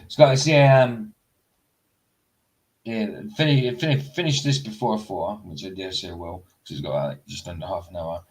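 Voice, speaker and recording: A man's voice: on the low side, normal speed, a little mellow, rough recording. Chatty man hosting a livestream. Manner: chatty, rambling asides to viewers. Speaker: livestream host. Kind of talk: casual live stream commentary.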